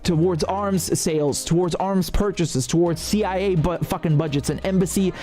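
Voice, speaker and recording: A man with a high-pitched, mellow voice hosts live political commentary at normal speed, indignant and sarcastic as he rants and swears freely. Faint music plays behind him.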